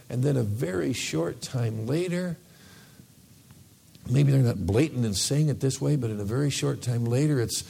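A man's voice: mid-range voice, darkish tone. A man preaching a sermon to his church in a conversational style, sometimes acting out the voices of people praying. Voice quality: gravelly. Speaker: pastor.

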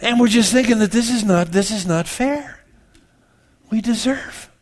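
Lively, self-mocking male pastor preaching. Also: high-pitched, unhurried. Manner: conversational, self-mocking, swings from loud to hushed. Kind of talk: sermon. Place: church.

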